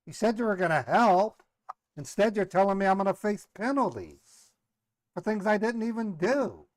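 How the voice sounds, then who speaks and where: A man's voice: high-pitched, very animated, normal speed, no echo. A man playing a flustered, indignant victim on a prank call, protesting his innocence in long defensive runs. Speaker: scambaiter posing as a caller. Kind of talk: prank call role-play.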